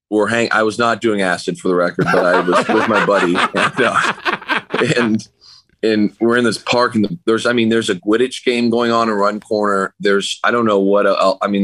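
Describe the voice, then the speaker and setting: A man's voice: on the low side, steady tone, moderate pace, a bit bright, no echo. A man guesting on a podcast, joining over a remote call and telling a laid-back, rambling story with frequent chuckles. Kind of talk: casual storytelling chat.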